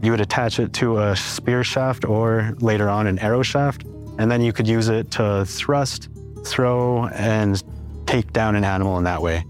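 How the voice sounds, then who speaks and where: A man's voice: fairly low pitch, unhurried, faint music behind. A man explaining in a documentary interview, patient and methodical, often linking points with "and so".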